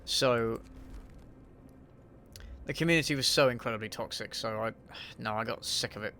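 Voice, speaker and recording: A man with an ordinary mid-range voice answers viewer questions on a relaxed gaming stream. He talks offhandedly, swears freely and mutters to himself while he plays, over a faint hum of ambience. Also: medium pitch, normal speed. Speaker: YouTube host. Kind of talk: casual livestream Q&A while gaming.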